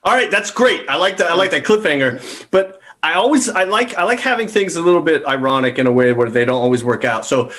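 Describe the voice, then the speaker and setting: A man improvising a comedy writers' room scene, stammering and repeating words as he pitches ideas. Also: lively intonation, fairly quick, fairly bright tone.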